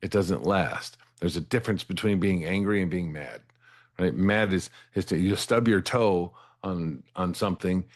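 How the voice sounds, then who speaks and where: A middle-aged man with a very deep voice shares his personal story as an interview guest. He talks earnestly, restarts words as he gathers his thoughts, and checks in with "right?" after his points. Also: moderate pace.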